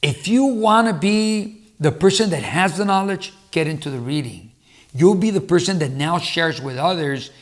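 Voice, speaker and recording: A middle-aged man speaks earnestly to camera in a casual advice talk, drawing on his years as a teacher. His voice sits a little high for a man, and he often stops and repeats words before going on. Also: moderate pace. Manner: earnest, repeats himself with restarts. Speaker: motivational speaker and former teacher.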